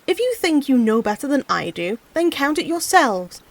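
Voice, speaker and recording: A stubborn, hot-tempered old peasant scolds and grumbles, voiced by a woman reading a storybook. The voice sits somewhat high and swings up and down with lively pitch. His indignant scolding carries the lines. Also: moderate pace.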